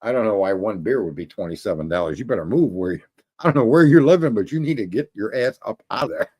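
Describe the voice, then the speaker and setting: A man's voice: fairly low pitch, animated, fast, a little mellow, slightly rough. A man hosting a show, ranting casually and rambling to viewers, swearing often and laughing at his own jokes. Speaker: show host.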